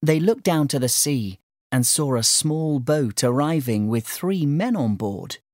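A woman reading a children's story aloud, clear and measured. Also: low-pitched, expressive, a little mellow, no echo, studio quality.

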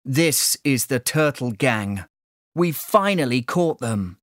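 A woman voicing a friendly male police officer, calm and approving, low and slow. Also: no room sound, clean studio sound, heavily acted.

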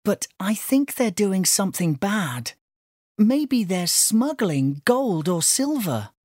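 A woman voicing an eager young island girl, raised in pitch, lively and animated, in a slow storybook reading. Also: no echo, clean studio sound. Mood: urgent.

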